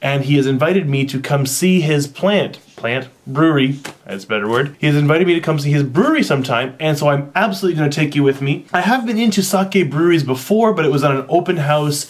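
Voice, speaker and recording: A man's voice: a little high, animated, fast talker. Man, casual vlogger, rambling food chat, camera mic, indoors. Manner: chatty, rambling, eats on camera. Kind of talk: casual food-tasting vlog.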